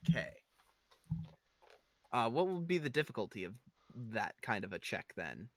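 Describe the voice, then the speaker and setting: A man's voice: on the low side, big pitch swings, normal speed, fairly bright tone. A man playing an online tabletop game, thinking aloud in a casual, musing way. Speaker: player.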